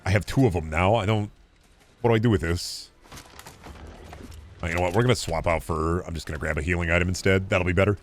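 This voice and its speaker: A man with a deep voice streaming a game, chatting casually and swearing through quick asides, close to a studio microphone. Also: fairly even intonation, a little hiss or hum. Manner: chatty, profane, quick asides while playing. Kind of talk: casual gaming stream chat.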